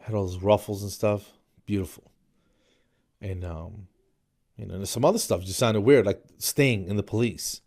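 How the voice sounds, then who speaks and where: A man's voice: lowish voice, normal speed, pauses often, a little mellow. A man in his forties, from New Jersey, hosting a podcast in a jokey comedic monologue that he peppers with "man" and "dude". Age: 40s. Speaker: podcast host.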